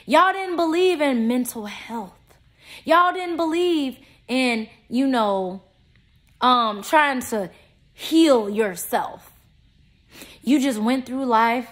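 Taking her time, a young adult woman delivers an unscripted vlog monologue that is blunt, foul-mouthed and confrontational, punctuated by loud outbursts and low asides.

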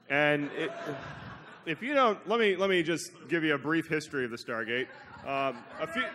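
A man's voice: a little high, a little fast, pushed and bright. A man on a conference stage telling a rambling, self-mocking story with a laugh. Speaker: conference organizer. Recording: crowd noise in a hall.

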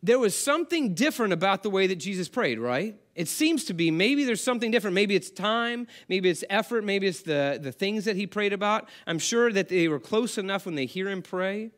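A man's voice: high voice, animated, fairly quick, hardly any pauses, a bit bright. A man preaching a sermon as pastor, talking conversationally and asking the congregation questions.

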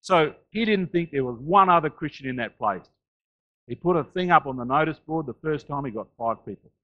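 A man's voice: animated, a little fast, muffled recording. Australian-raised male pastor preaching, swelling and dropping. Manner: rises loud on key phrases, drops low and quiet between. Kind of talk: sermon.

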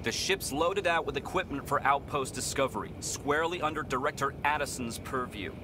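A man's voice: medium pitch, brisk, close to an everyday voice. An actor playing a harried, rule-bound dock worker and worried father in a video game, speaking nervously. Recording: game audio with loud noise.

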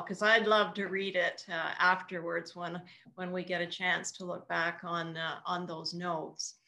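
A woman's voice: fairly low pitch, gravelly, bright, forceful tone. A woman hosting a casual interview over a video call, asking thoughtful questions with frequent ums. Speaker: host.

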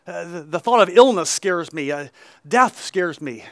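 A male pastor preaching a conversational sermon at an outdoor service, peppering his reading with "right?" asides and quick restarts. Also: high-pitched, expressive, a bit bright, dry recording, clean studio sound.

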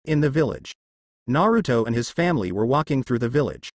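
A man reading a fan fiction story aloud in a steady narrating voice. His pitch is in the middle range but rises and falls a lot. The sound is dry and close, with no room echo. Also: fairly quick.

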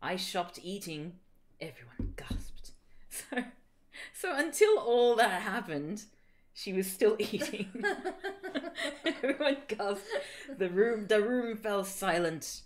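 A woman's voice: mid-range voice, sing-song, slow pace. A woman co-hosting a livestream, reading fan fiction aloud in a playful, mock-dramatic style with joking asides. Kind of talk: comedic dramatic reading with banter.

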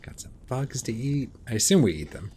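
A man's voice: mid-range voice, very animated, fairly quick, darkish tone, a little hiss or hum. A man giving casual, muttering commentary while playing a video game, swearing and talking to himself. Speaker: gameplay commentator. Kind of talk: casual let's-play commentary.

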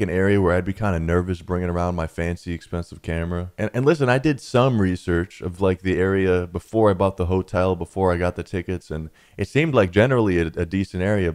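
Low-voiced young man telling a story. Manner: rambling, animated, says "man" and "dude" often. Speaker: vlogger telling a travel story. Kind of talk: casual storytelling.

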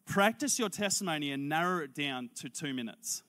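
A man preaches a sermon as a lively personal story. His voice sits fairly high and has a forceful brightness. He acts out both sides of the conversation as he goes. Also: normal speed. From Australia. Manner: animated, acts out dialogue in character voices. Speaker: pastor.

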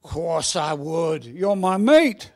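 A man voicing a loyal Cockney boy in a put-on Cockney accent, drawling slowly and low. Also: very animated.

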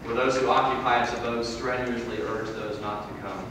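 A man preaching a sermon in a church, swinging from loud emphatic peaks to low, quiet drops. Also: steady tone, normal speed, noisy background. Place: church hall. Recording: echoey hall from far off.

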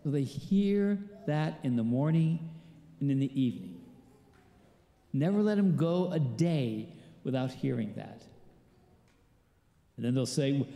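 A man's voice: medium pitch, animated, a little slow, creaky, pauses often, mellow. A male pastor giving a conversational sermon, putting questions to his congregation. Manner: conversational preaching, quizzes the congregation. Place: large church. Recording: echoey church hall with long reverb.

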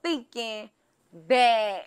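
A woman's voice: on the high side, smooth, dry recording. A young woman talking as a guest in a casual chat, blunt and cursing freely as she tells stories. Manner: blunt, heavy cursing, drawn-out storytelling.

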